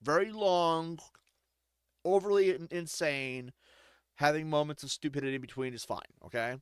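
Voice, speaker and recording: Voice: medium pitch, normal speed, clean tone, no room sound. A streamer giving crude, joking gameplay commentary, often laughing between remarks.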